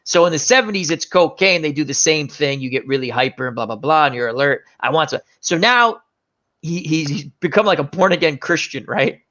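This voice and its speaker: A man's voice: fairly high pitch, lively intonation, fairly quick, sharp tone. A man hosting a casual chat show, telling rambling movie stories and often groping for names. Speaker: show host. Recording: dull lo-fi sound.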